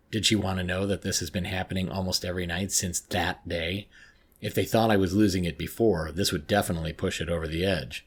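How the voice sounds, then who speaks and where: A man narrating a first-person horror story in a measured, tense way. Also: low voice, steady tone, breathy edge.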